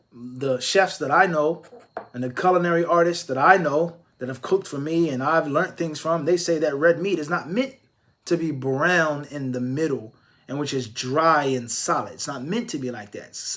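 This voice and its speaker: A man with a fairly high voice answers viewers' religious questions in a live Q&A. He explains step by step and drops in Arabic phrases. When he makes a point he presses it with one rhetorical question after another. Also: normal speed, fairly bright tone. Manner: emphatic, stacking rhetorical questions.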